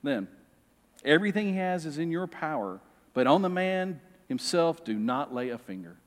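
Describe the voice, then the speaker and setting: A preacher reading a calm, proud Lord. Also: male voice, fairly high pitch, moderate pace, in a large hall. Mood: steady.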